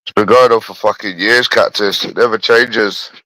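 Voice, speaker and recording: A man's voice: lowish voice, fairly even intonation, moderate pace, pushed and bright, dry recording, low-quality recording. A man with a phlegmy cough, ranting in a repetitive, rambling, profane casual monologue. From London.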